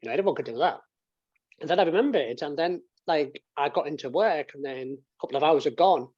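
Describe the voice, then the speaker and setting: A man's voice: on the high side, fairly quick, slightly rough, no room sound, dull audio. A man in his thirties telling a personal story as an interview guest, rambling with restarts and swearing, on a video call from his home office. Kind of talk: casual storytelling. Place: home office and games room.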